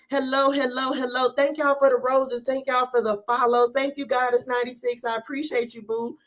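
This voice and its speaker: Woman tarot reader hosting a live stream; casual, lively, laughing, talks to the viewers. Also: sits high, fairly quick, hardly any pauses. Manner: chatty, animated, laughs often, talks straight to viewers.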